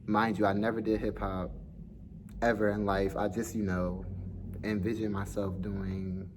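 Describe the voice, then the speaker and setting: Young guy w a slight lisp vlogging, kinda nervous, laughs a lot, lowish voice. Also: little pitch movement, measured pace, a little hiss or hum. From Philadelphia. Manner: chatty, self-conscious, laughs easily. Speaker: vlogger, dance school owner. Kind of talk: casual vlog to camera.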